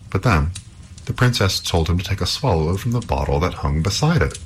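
A man with a very deep voice reads a folk tale aloud, his delivery lively and full of rises and falls. A faint background hiss sits under the voice. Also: moderate pace, low-quality recording. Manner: expressive storybook reading. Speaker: storyteller.

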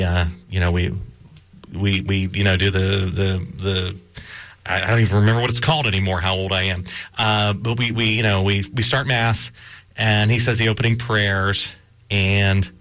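A man's voice: sits low, fairly bright tone. A middle-aged man, hosting a casual radio show while getting over a cold, telling stories in a rambling, self-deprecating way. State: recovering from a cold.

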